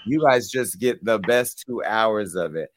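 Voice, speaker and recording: A man's voice: on the low side, unhurried, no echo. A man hosting a talk show, chatting casually and rambling, with many fillers and restarts. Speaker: show host.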